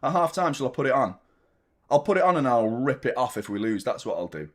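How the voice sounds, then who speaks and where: A man's voice: mid-range voice, sing-song, fast. A man casually chatting as host of a live football fan stream, self-mocking and reading out viewer messages. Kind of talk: casual live watchalong chat.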